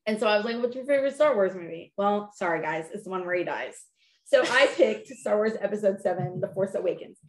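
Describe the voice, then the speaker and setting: A woman co-hosting a podcast, chatting casually and telling animated stories with lots of fillers. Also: medium pitch, quick pace, echoey room, a little hiss or hum. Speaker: podcast co-host. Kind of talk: casual chat.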